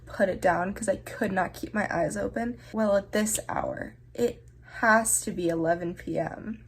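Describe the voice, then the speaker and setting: A woman's voice: mid-range voice, a little hiss or hum. A young woman talking casually to camera in a vlog, chatty and self-mocking, often emotional and laughing through tears. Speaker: vlogger.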